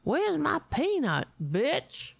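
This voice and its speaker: Female host putting on a squeaky, pushy squirrel voice, high and rude. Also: huge pitch swings, extremely slow, gravelly, no room sound, full character voice. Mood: cheeky. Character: cheeky demanding male squirrel.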